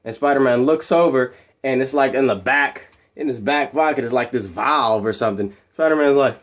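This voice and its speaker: A man hosting his channel, excitedly retelling an action story in long, rambling run-on sentences. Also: mid-range voice, normal speed. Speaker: channel host. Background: music.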